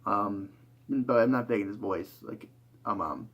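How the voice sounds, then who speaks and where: A man's voice: fairly low pitch, fairly even intonation, unhurried, a bit bright. A tired young man talking through a rambling, reflective monologue, full of fillers and restarts. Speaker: YouTuber.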